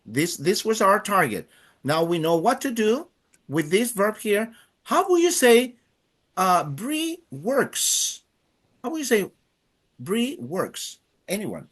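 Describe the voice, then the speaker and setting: A man's voice: sits high, very animated, takes it slowly, a bit bright. A man teaching a live Spanish class, drilling students by counting in and praising each answer.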